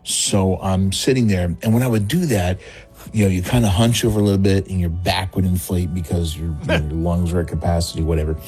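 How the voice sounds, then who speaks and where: A man's voice: sits low, brisk, husky, soft background music. A comedian, calling in and telling a story with lots of animation, laughing as he acts out the people in it. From Texas, USA. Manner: animated, laughing through his own story, acting out quoted voices. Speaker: comedian calling in to a radio show. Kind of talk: storytelling on a phone call. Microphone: phone call.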